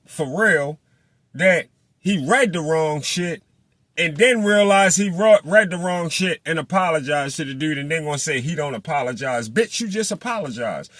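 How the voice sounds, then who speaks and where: A man's voice: fairly high pitch, breathy edge, dry recording. Guy with going off about boxing, cussing, dry close sound. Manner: animated, profane, mocks people in put-on voices. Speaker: boxing commentator. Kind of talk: casual monologue.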